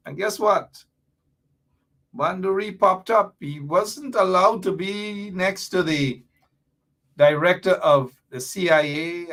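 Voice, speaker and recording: Emphatic man hosting a political talk show. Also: a little high. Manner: animated, emphatic, rhetorical commentary.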